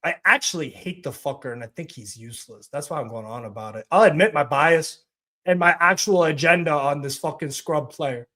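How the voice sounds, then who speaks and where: Man, live stream host, match watch-along, profane, ranting, fairly high voice. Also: a little fast, pushed and bright.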